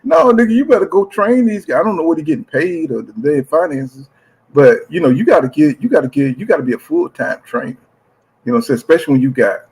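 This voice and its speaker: Man, husky voice, casual boxing show host, slangy, reads viewer comments. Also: medium pitch, animated, fast, darkish tone, poor audio. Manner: slangy, repeats "you know what I'm saying". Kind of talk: casual chat.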